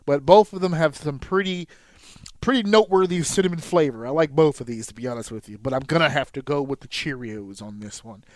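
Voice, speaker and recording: A man's voice: fairly high pitch, brisk, no room sound. A man co-hosting a podcast, chatting casually, laughing often and swearing. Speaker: podcast co-host. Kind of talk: casual banter.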